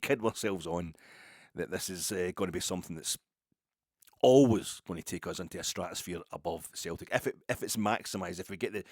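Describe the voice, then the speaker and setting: Man, Scottish accent, low voice, dry recording, digressive casual storytelling. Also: dry recording. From Ayrshire, Scotland. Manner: rambling, digressive storytelling with many restarts. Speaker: football podcaster. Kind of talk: casual monologue.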